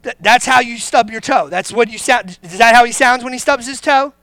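A pastor delivers a sermon in a conversational, joking manner, posing questions to the congregation and dropping low and grave for serious points. His delivery is brisk and his tone sharp, with no room sound.

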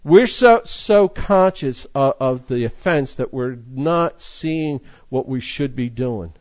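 A man's voice: medium pitch, lively intonation, slow pace, dry recording, lo-fi sound. A man preaching a sermon, reading scripture aloud in an earnest way with frequent restarts. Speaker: pastor.

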